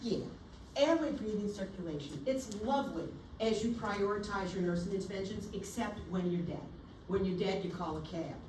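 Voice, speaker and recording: A woman's voice: medium pitch, moderate pace. A woman nursing instructor lectures with theatrical flair and acts out scenes at the bedside. Her voice carries through an echoey room and comes from a distance. A faint hum of the room sits behind her. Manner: animated, theatrical, acts out scenarios. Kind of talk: classroom lecture. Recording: echoey room, recorded from afar.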